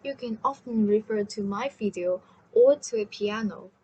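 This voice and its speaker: A woman teaching a language lesson, slowly and carefully demonstrating sounds and tones. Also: mid-range voice, dark tone, faint music behind, poor audio.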